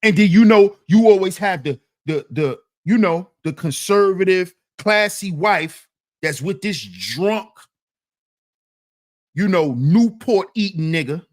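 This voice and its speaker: A man's voice: sits high, animated, slow. A man hosting a commentary channel, talking in a casual, slang-heavy, emphatic way.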